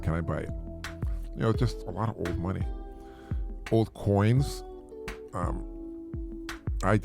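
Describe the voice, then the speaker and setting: A man's voice: fairly low pitch, vocal fry. A middle-aged man hosting a casual solo talk podcast, rambling and repeating himself as he chats. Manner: rambling, repeats words, lively and chatty. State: sneezing from allergies. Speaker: podcast host.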